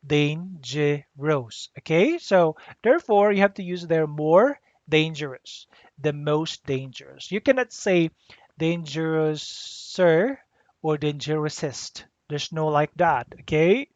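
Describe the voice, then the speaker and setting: A teacher giving a grammar lesson, deliberately spelling out letters and repeating the rules. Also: mid-range voice, lively intonation, darkish tone, no echo. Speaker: English teacher. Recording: dull lo-fi dry recording.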